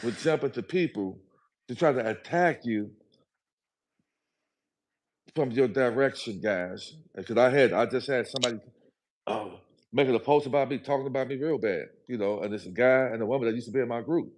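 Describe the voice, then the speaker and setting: A man's voice: mid-range voice, moderate pace. A man speaking as a guest on a livestream, talking in a preachy, emphatic, motivational way and repeating his phrases. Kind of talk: motivational live chat.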